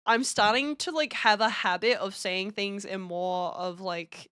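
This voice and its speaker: Bright, giggly Australian young woman. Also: medium pitch, unhurried, clear, resonant tone, dry recording, studio quality. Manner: giggly, teasing. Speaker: stream host. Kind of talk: casual chat.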